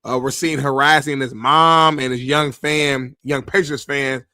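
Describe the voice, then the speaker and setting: A man's voice: mid-range voice, fairly even intonation, measured pace, sharp tone, smooth, no room sound, clean studio sound. A man hosting a sports talk show, telling a story in loose, slangy casual chat. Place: Los Angeles area.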